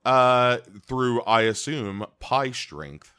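A man co-hosting a podcast in casual chat, deadpan and rambling with lots of fillers. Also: mid-range voice, extremely slow, clear, resonant tone. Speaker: podcast co-host.

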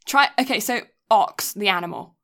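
A woman's voice: medium pitch, lively intonation, moderate pace, a bit bright. A young woman from England chats on a podcast, her English accent mixed with a North American one. She teases her friend playfully and laughs often as she talks. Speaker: podcast co-host. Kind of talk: casual chat.

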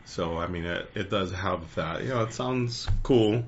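A man's voice: sits low, unhurried, highs cut off. A man co-hosting a podcast in casual chat, laid-back and profane, laughing often. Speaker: podcast co-host.

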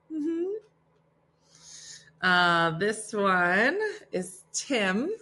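A middle-aged woman hosts a morning talk show, reading listener valentines in an easy, chatty way. She talks slowly with a bright, forward tone. She gets emotional and tearful between laughs. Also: mid-range voice, big pitch swings.

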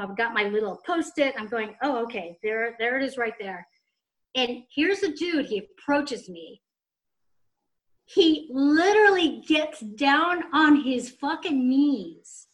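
A woman telling a story in casual chat, snarky and animated, swearing freely. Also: sits high.

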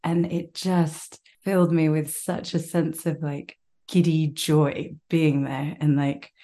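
Low-voiced woman with a posh British accent. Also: little pitch movement, slow pace, warm tone. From Britain. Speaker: guest voice actor. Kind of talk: casual interview chat.

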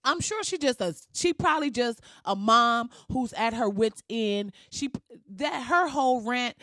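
A woman ranting in a blunt, profane and sassy way as she comments on someone else's video, with sudden jumps in pitch. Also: no room sound, clean studio sound. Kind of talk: casual reaction rant.

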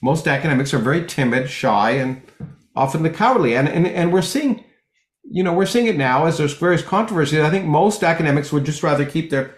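Man, middle-aged, interview guest, rambling, restarts often, fairly high voice, echoey room. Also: a little fast. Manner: rambling with many restarts, animated when telling jokes. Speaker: guest, theoretical physicist. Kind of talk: conversational interview, anecdotal storytelling.

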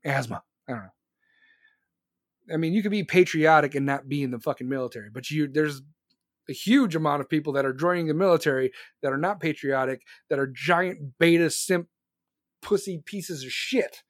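A man's voice: on the high side, no echo. Man in his forties, angry profane rant, dry close sound. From United States. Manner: angry, crude, repeats himself. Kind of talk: profane ranting monologue.

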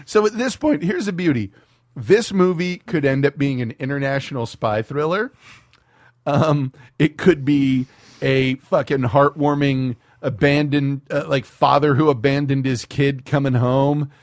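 Profane animated man, dry close mic. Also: mid-range voice, a little slow, dry recording. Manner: profane, animated, slips into put-on voices. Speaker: podcast co-host. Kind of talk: casual movie commentary chat.

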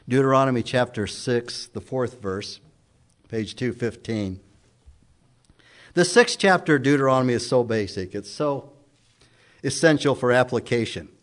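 A man preaching a sermon as pastor, reading scripture aloud with emphatic, questioning delivery. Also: mid-range voice. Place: church sanctuary.

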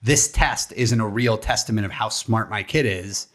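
A man's voice: fairly low pitch, normal speed, fairly bright tone. A young man co-hosting a podcast, telling stories in a rambling, casual way and swearing now and then. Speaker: podcast co-host.

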